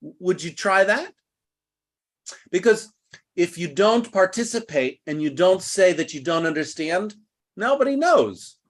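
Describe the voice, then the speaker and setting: A man teaching an online English class over a video call, explaining slowly and patiently. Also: high voice, animated. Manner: patient, slow, deliberate explaining.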